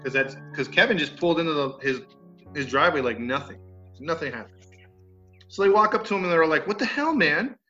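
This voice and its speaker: A man with a fairly high voice hosts a podcast, briskly telling a true crime story in a casual, slangy style and acting out the quotes. The sound is dull and lo-fi, with faint music underneath.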